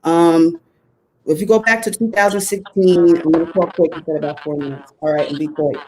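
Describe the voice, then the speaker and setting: A woman panelist on a group call, speaking in a measured, hesitant way with fillers. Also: on the low side, fairly even intonation, warm tone, low-quality recording. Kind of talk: casual call discussion.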